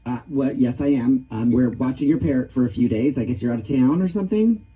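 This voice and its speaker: Man, prank-call radio host, very dark mellow tone, husky, stammering and mock-earnest. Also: mid-range voice, brisk, poor audio.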